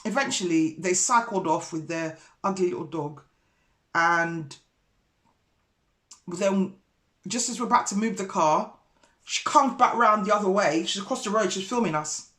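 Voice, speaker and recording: A woman vlogger and broker, telling a story in an indignant, animated way. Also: medium pitch, normal speed, long pauses. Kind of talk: casual storytelling vlog.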